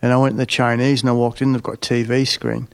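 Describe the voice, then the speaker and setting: A man co-hosting a casual podcast, joking deadpan and swearing. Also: medium pitch, quick pace, creaky. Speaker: podcast co-host. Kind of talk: casual chat.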